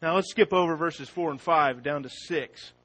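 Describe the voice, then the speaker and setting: A man preaching a sermon. He opens with a prayer, then reads scripture slowly and with rising force. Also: fairly high pitch, low-quality recording. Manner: slow and deliberate, rising loud when reading scripture.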